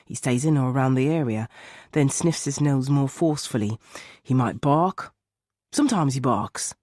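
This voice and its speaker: A man's voice: mid-range voice, normal speed, a little mellow, no room sound, studio quality, natural voice. A man voicing a middle-aged male dog handler with a Northern English accent, a defensive witness who hesitates. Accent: Northern English, Leeds.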